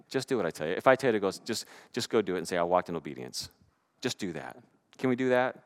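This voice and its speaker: Animated male pastor preaching. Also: on the low side, brisk. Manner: animated storytelling, swings from loud to hushed. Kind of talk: sermon.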